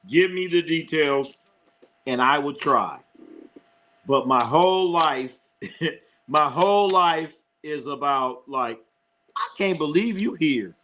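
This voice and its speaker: A man's voice: mid-range voice, a bit bright. A middle-aged man hosting a live sports stream, rambling and cursing, repeating phrases and laughing often as he reads chat.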